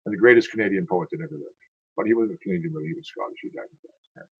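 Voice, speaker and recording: A man's voice: low-pitched, rapid-fire, breathy edge, dry recording. A tired man who reads poems aloud, then rambles and corrects himself as he stumbles over words. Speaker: poetry reader. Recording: dull lo-fi sound, dry.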